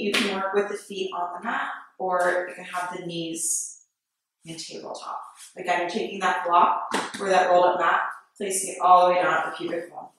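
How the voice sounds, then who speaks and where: A woman yoga instructor leading a class with steady step-by-step breathing and movement cues in a yoga studio. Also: on the low side, slight background noise. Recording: very echoey studio, mic far off.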